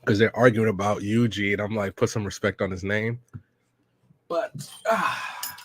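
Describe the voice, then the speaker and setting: For a reaction podcast, a man casually reads a manga aloud in a lowish voice at a fairly quick pace. He narrates the scenes in slangy, relaxed speech and reads character lines without changing his voice much.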